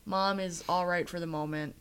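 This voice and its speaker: Co-hosting a laid-back podcast, a woman retells a TV episode as chatty storytelling, performing the characters' lines. Her lowish voice is steady, clean and a bit bright, at a moderate pace.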